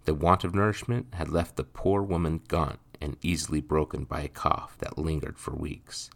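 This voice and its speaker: A man narrating a dark period story for a podcast in a measured, even reading voice. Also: rumbling low, creaky.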